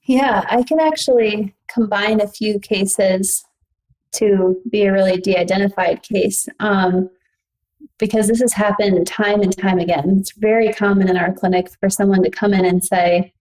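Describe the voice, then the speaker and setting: A woman's voice: mid-range voice, fairly even intonation, a little slow, a little mellow, poor audio. A woman guest, a psychologist, explaining in casual talk and often saying "like".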